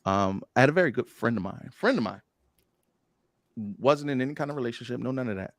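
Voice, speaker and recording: Animated man telling candid stories. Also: mid-range voice, brisk, dry recording, studio quality. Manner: animated storyteller, playful and bold. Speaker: podcast guest. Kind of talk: candid casual chat.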